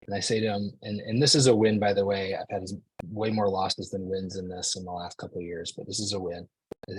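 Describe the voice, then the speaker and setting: Low-voiced man telling a story casually. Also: little pitch movement, fairly quick, a little mellow, breathy edge, no room sound, poor audio. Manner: casual, conversational, frequent "like" and "right?". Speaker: speaker. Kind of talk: storytelling talk to an audience.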